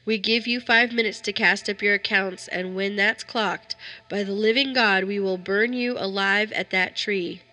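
Woman reader as harsh, scornful frontier vigilante man in a spoken story; bright, forceful tone. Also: mid-range voice, steady tone, normal speed, close to an everyday voice. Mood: menacing. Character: menacing rough male frontier vigilante.

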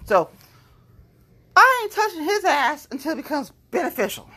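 A woman's voice: high-pitched, sing-song, moderate pace, long pauses, pushed and bright. A woman hosting her podcast from home, talking casually in a blunt, heavily profane, rambling way. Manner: loose, rambling storytelling. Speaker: podcast host. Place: at home, standing on a balance board.

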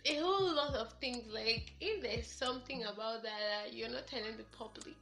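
A young woman with a Nigerian accent, a podcast guest telling stories in an animated, laughing way. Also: a little high, normal speed, creaky. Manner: animated storytelling, laughs often. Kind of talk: casual podcast chat. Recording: echoey room with faint music.

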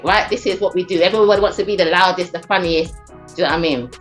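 A middle-aged woman, a talent agent and podcast guest, chatting casually in an animated storytelling way with many restarts and fillers. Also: on the low side, quick pace, soft background music.

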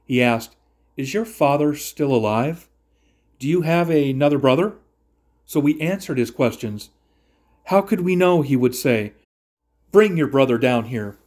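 A man's voice: mid-range voice, lively intonation, a little slow, long pauses, darkish tone. A man voicing a group of frightened brothers who anxiously explain themselves. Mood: defensive.

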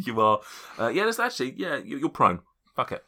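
A man's voice: mid-range voice, big pitch swings, moderate pace, crowd noise. A man running a tabletop game, rambling and correcting himself as he narrates. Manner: rambling, self-correcting, laughs often. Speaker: game master.

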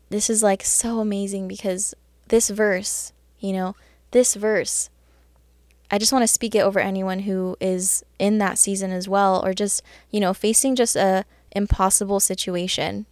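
A young woman giving a casual, earnest Bible devotional talk, chatty with lots of fillers and getting excited about the verses. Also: mid-range voice, normal speed, no room sound, clean studio sound. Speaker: Christian devotional speaker.

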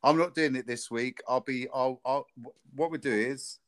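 A man's voice: medium pitch, normal speed, no room sound. A man co-hosting a podcast, talking loosely with lots of restarts. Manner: rambling, animated storytelling with restarts. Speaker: podcast co-host. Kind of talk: casual chat.

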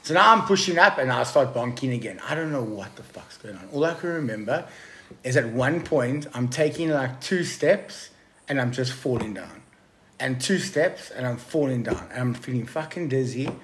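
A man's voice: mid-range voice, normal speed, slight background noise. A man telling a story casually to a podcast host, swearing freely and calling him bro. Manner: profane, excitable storyteller addressing the listener as bro. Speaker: podcast guest.

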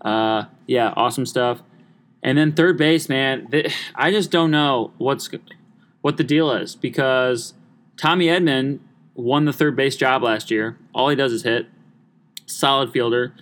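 A young man talking alone into his podcast mic in a loose, casual way. His voice sits at a middle pitch, and he tells stories in a rambling manner, often backing up to restart a sentence. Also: measured pace, fairly bright tone. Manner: chatty, rambling storyteller with many restarts. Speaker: podcast host. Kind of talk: casual solo podcast chat.

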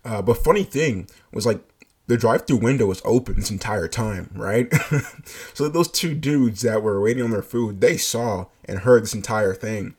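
A man with a husky voice recounts a work story in casual, animated speech. He swears freely and breaks into laughter throughout. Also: lowish voice, normal speed. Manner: animated, profane, laughing asides. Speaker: fast-food shift lead.

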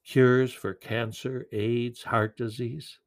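A man preaching a sermon in an earnest, gentle way, with occasional repeated words. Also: mid-range voice, flat delivery, slow pace.

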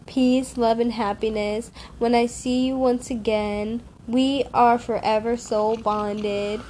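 A woman's voice: fairly high pitch, flat delivery, slow, few pauses, a little mellow, slight background noise. A woman talking to her followers in a casual, heartfelt monologue that rambles, breaks off mid-sentence and keeps repeating affirmations. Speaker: spiritual vlogger.

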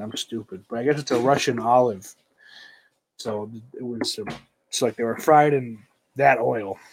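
A man's voice: mid-range voice, a little hiss or hum. A man chatting casually on a stream, rambling and swearing, often trailing off into mumbles. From United States.

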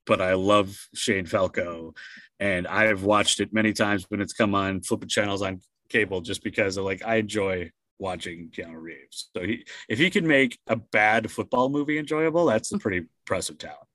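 A relaxed man co-hosting a casual podcast, rambling and joking easily. His voice sits low, and the recording is dry and close. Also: moderate pace, dry recording. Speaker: podcast co-host. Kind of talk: casual chat.

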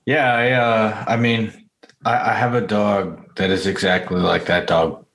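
A man's voice: lowish voice, flat delivery, measured pace, fairly bright tone, roomy sound. A man co-hosting a podcast in casual chat, tossing in dry joking asides. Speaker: podcast co-host.

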